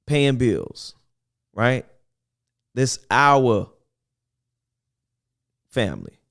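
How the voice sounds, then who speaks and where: Animated male talk radio host. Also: medium pitch. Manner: animated, preachy, repeats himself, laughs often. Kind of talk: casual talk radio monologue.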